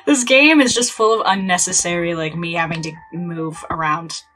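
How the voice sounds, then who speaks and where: A young woman hosting a gaming channel does playful let's play commentary on a horror game, tossing in exasperated asides. Her fairly low voice sounds pushed and bright, with faint game music in the background.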